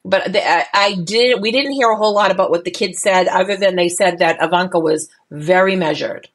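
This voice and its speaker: A woman co-hosting a podcast, chatting casually about politics with many fillers and restarts and an animated delivery. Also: lowish voice, a little fast. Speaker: podcast co-host.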